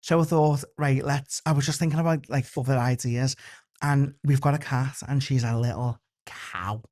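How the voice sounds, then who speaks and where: A young man with a strong Scouse accent chats on a podcast, bubbly and quick to tell stories. His voice sits at a middle pitch, and he speeds up in excited bursts. His delivery is loose and conversational. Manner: chatty, bubbly storyteller who switches to quick bursts. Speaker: podcast guest, content creator. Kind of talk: casual chat.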